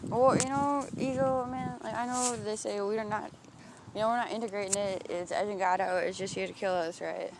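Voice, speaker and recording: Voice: mid-range voice, steady tone, brisk, gravelly, noisy background. A vlogger walking outdoors and thinking aloud in a rambling, introspective monologue, swearing freely and breaking off and restarting thoughts.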